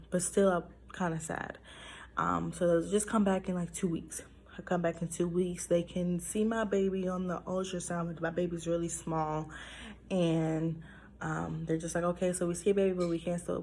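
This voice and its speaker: A young woman with a lowish voice talks to her viewers about something painful, holding back emotion as she goes. She talks casually, with lots of ums and likes, and a faint hiss sits under the recording. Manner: emotional, talks through it with fillers. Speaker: vlogger sharing a personal story. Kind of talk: casual personal storytelling.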